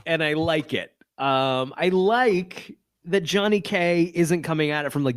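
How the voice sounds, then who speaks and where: A man on a podcast chatting loosely about a TV episode, cracking sarcastic jokes and laughing along the way. His voice sits fairly high and swings widely in pitch. The sound is dry and close to the mic. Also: sing-song, measured pace, dry recording. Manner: joking, rambling, sarcastic asides with laughs. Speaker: podcast co-host. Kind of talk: casual chat recapping a TV episode.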